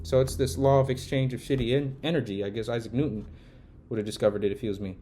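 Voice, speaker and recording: A man's voice: medium pitch, fairly even intonation, quick pace, slight background noise. A man vlogging a casual storytime rant, swearing and getting heated as he tells it. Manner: heated, swearing, gets loud when retelling the argument. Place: Los Angeles.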